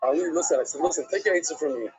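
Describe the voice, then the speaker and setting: A middle-aged man, a rabbi, teaching a casual Talmud class in a chatty, animated way, dropping Hebrew and Yiddish words into his English. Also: on the high side, rapid-fire, rough recording.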